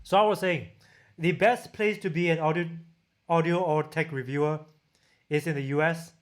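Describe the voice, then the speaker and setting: Through a camera-mounted shotgun mic, a Singaporean-accented tech reviewer hosts a livestream, chatting casually with viewers. His slightly high voice has fairly even intonation. Reading the chat aloud, he keeps halting, restarting and correcting himself mid-sentence.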